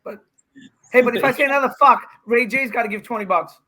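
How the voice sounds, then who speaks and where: A man's voice: very high voice, quick pace, sharp tone, low-quality recording. A middle-aged man from India, a pickleball pro guesting on a podcast, telling stories in a brash, joking way with swearing and frequent laughs. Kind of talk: casual podcast chat.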